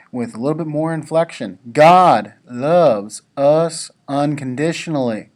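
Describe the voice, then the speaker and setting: A man delivers a devotional message to a school audience in a laid-back, conversational way. He speaks very slowly, in a voice of ordinary pitch, and drops in casual asides to the students between his points. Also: darkish tone.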